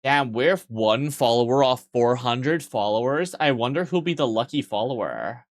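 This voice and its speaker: A man's voice: medium pitch, lively intonation, normal speed, dry recording, studio quality. A man live-streaming and joking crudely with his chat, sleep-deprived yet weirdly awake, in a playful teasing manner.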